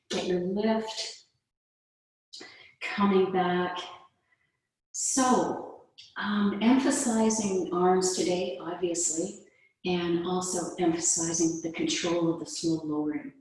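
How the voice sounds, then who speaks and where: A woman's voice: on the low side, steady tone, slow pace, long pauses. A woman instructor leading an online yoga strength class, cueing each exercise with playful asides and laughs. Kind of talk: live online fitness class. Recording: echoey video-call audio from far off.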